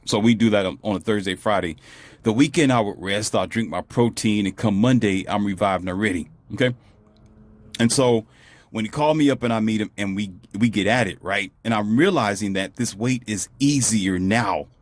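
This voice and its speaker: A man's voice: fairly low pitch, normal speed, no room sound. A man telling a personal story in a casual vlog, acting out other people's lines as he goes. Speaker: vlogger.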